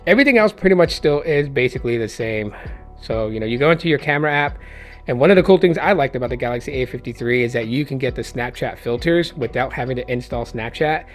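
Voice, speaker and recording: Rambling male tech vlogger, slightly hoarse. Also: mid-range voice. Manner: rambling, conversational, many fillers. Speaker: tech reviewer. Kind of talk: casual tech review vlog.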